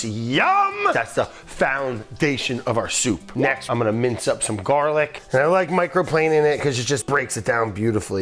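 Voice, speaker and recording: A middle-aged man hosts a casual kitchen cooking demonstration, enthusiastic and jokey, tossing in the odd swear and asides to the crew. His voice is mid-range and a bit bright.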